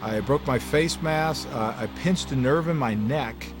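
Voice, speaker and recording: Older man telling a halting story. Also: medium pitch, music in the background. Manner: animated, halting retelling with fillers. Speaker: former player interviewee. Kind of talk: interview storytelling.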